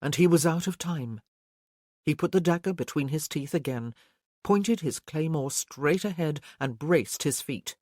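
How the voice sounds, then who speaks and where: Steady audiobook narrator, dry sound. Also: medium pitch, unhurried, no room sound. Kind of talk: audiobook narration of a historical romance.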